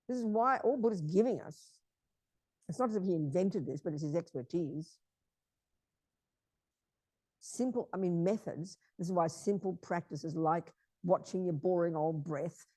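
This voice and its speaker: A woman's voice: medium pitch, mellow, no room sound. Blunt, emphatic woman teaching Buddhism. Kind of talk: informal dharma teaching talk.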